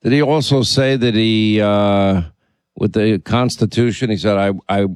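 A man's voice: lowish voice, steady tone, a little slow, a little mellow, clean tone, no room sound. A man hosting a political radio talk show, speaking emphatically and indignantly, often repeating himself. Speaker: radio and podcast host.

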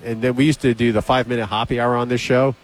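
Male radio host, casual storyteller, animated delivery, plays out the dialogue himself. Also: mid-range voice, fast talker. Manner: animated, acts out both sides of conversations. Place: radio studio.

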